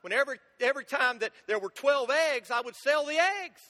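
A man doing a chatty farm wife, higher pitched. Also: expressive, moderate pace, sharp tone, exaggerated voice. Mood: matter-of-fact. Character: farmer's wife explaining the eggs. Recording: long church reverb.

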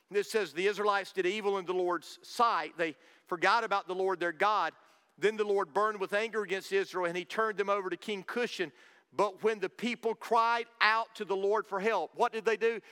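A man's voice: high-pitched, sharp tone, clean tone, big-room sound. A man preaching a sermon, reading scripture and pressing his point with a rising, repetitive cadence. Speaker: pastor.

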